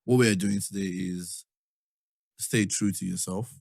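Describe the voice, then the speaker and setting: A man's voice: low-pitched, fairly even intonation, measured pace, gravelly, darkish tone, slightly rough, no echo, clean studio sound. A man with a Nigerian accent hosting a podcast, talking earnestly and often asking "do you understand?". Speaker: podcast host. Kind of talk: casual chat.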